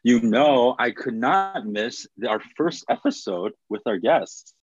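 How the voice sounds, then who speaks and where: A man's voice: mid-range voice, very animated, measured pace, slightly rough, dry recording, dull audio. A young man co-hosting a podcast over a video call, chatting casually and jokingly with lots of fillers. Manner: joking, rambling with many fillers. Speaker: podcast co-host. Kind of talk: casual chat.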